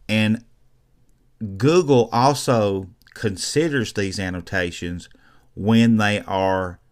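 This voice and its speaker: A man with a lowish, smooth, resonant voice walks through a screen-recorded tutorial. He talks loosely and conversationally, dropping fillers and restarting sentences as he explains. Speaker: YouTube marketing instructor.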